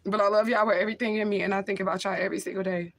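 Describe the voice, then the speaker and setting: A woman's voice: mid-range voice, steady tone, rapid-fire. A woman talking casually into the camera on a livestream, emotional and blunt, swearing freely and laughing often.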